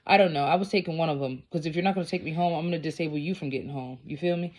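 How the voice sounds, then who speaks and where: A woman's voice: sits low, fast talker. A woman vlogger telling a personal story in a casual, blunt, profane and rambling way.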